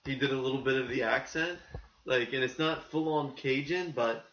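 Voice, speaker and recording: A man co-hosting a casual podcast, talking in an animated, rambling way and acting out the quotes he tells. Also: mid-range voice, normal speed. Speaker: podcast co-host. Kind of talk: casual chat. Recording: muffled, echoey room.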